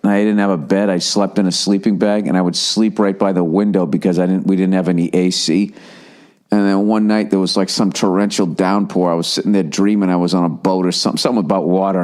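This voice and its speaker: A man in his forties ranting through a casual comedic monologue as a podcast host, swearing heavily and jumping up in pitch. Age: 40s. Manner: ranting, heavy swearing, animated rises in pitch.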